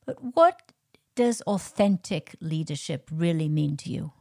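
A woman's voice: sits low, expressive, a little slow, gravelly, a little mellow. A woman hosting a podcast interview, curious and asking direct questions. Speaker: podcast host.

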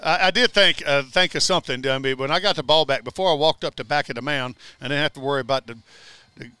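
A man, a former pitcher, telling rambling anecdotes in casual conversation, laughing as he goes. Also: quick pace, pushed and bright, smooth, no echo. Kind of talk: casual storytelling. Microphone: studio mic in radio booth.

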